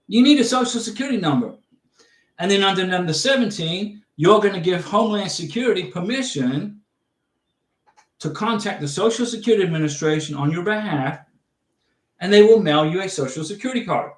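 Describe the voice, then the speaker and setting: A middle-aged man hosts a casual livestream Q&A, chatting and repeating his points with emphatic instructions. His voice sits high for a man. The sound is roomy and echoey, with him a little away from the mic. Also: lively intonation, brisk. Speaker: livestream host answering viewer questions. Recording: roomy echo, distant from the mic.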